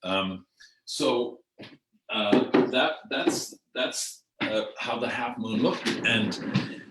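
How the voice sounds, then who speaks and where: An older man from Canada rambling through memories of his theatre career on a streamed video call, unhurried and hesitant with many ums and restarts. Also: on the low side, heavy background noise. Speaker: outgoing artistic director telling his theatre life. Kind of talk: rambling spoken memoir.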